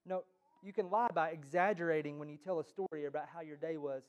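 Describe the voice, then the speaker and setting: High-voiced man preaching with teasing jabs. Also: quick pace, muffled recording. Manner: joking, teasing delivery with sudden loud jabs. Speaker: pastor. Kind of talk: sermon. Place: church.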